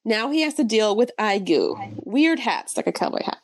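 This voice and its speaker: A woman's voice: fairly high pitch, expressive, moderate pace, dry recording. A young woman co-hosting a book podcast, chatting animatedly with lots of fillers and self-mocking asides. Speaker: podcast co-host reviewing books. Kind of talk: casual chat.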